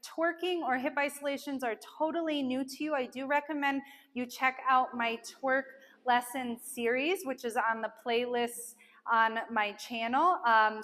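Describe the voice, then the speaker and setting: Bright high-voiced woman teaching dance. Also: long reverb tail. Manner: chatty and encouraging, counts beats aloud with filler ums. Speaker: dance instructor. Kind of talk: dance lesson, counting out moves.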